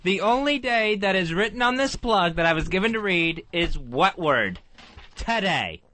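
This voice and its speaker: A man on a studio radio show complains in an indignant, whiny way. His voice is high and bright for a man. It swings widely in pitch as he presses his point. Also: big pitch swings, normal speed. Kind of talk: casual radio banter.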